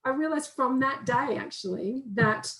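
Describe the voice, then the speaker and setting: A woman's voice: high-pitched, unhurried, a bit bright, reverberant, low-quality recording. A woman counsellor giving an informal, conversational training talk and acting out inner voices in quotes. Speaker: counsellor and guest speaker.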